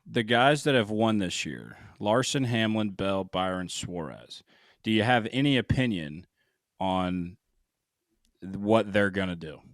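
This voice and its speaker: A hoarse man hosting a casual sports betting podcast, loose and a little profane, steering the talk with questions. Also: fairly low pitch, animated, a little slow, no room sound, studio quality. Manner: loose, swears, leads the questions. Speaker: podcast host.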